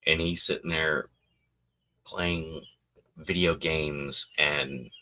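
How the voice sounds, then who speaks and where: A man's voice: extremely low pitch, fairly even intonation, very slow, bright, forceful tone. A man hosting a podcast, rambling crudely and jokingly, often acting out silly voices. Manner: crude, joking, acts out voices of babies and parents. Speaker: podcast host. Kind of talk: casual rambling monologue.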